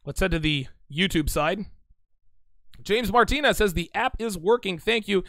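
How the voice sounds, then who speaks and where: A man talks through a casual livestream, reading out chat messages and firing back blunt, teasing replies. His voice sits a little high for a man. The sound is close and dry, with no room around it. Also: lively intonation, moderate pace, creaky, fairly bright tone, no room sound. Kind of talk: casual live-stream commentary.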